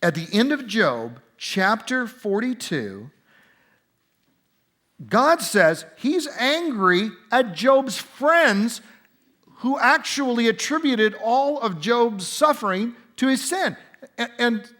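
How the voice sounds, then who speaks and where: A man answering interview questions in a conference center, explaining scripture in an animated, emphatic conversational way with quick asides. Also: very high voice. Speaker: interview guest, Bible teacher.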